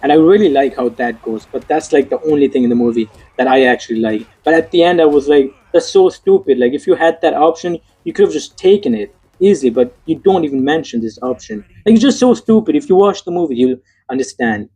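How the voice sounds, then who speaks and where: A young man rants through a casual movie review, frustrated and swearing freely, tripping over fillers and restarts. His voice sits dark and mellow, with a husky, slightly rough edge. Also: fairly high pitch, animated, fast talker, few pauses, low-quality recording.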